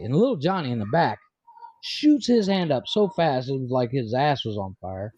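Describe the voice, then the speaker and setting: A man's voice: medium pitch, sing-song, brisk, a little mellow, breathy edge, no room sound. A man in his forties co-hosting a casual podcast, telling profane jokes and laughing at his own punchlines. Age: 40s. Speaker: podcast co-host. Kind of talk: casual crude joke-telling chat.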